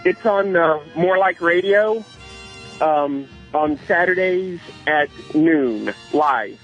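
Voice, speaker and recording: A man calls a radio show and tells a story in a rambling, hesitant way. His voice is slightly high for a man. It comes through a tinny phone line, with faint music playing behind him. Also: expressive, takes it slowly, fairly bright tone. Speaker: caller. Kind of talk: telling an anecdote on the phone.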